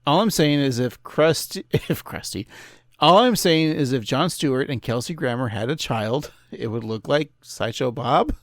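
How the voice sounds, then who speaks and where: Man, podcast co-host, casual jokey chat, creaky voice, dry sound. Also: medium pitch, normal speed, no echo. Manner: jokey, laughing asides.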